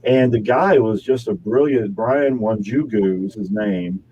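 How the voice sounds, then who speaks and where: A man's voice: fairly low pitch, unhurried, dull audio, background noise. A man, an actor, chatting casually in an interview and rambling with restarts and corrections. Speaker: actor guest.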